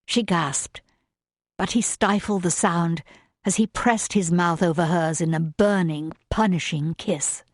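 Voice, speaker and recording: Slow, measured woman narrating a romance audiobook. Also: on the low side, no room sound, clean studio sound. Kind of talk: scripted narration.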